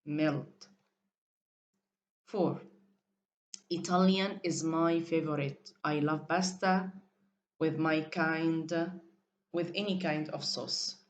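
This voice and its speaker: A woman's voice: low voice, steady tone, slow pace, long pauses, muffled recording, slight background noise. A woman teaching an English vocabulary lesson, reading definitions aloud and drilling pronunciation.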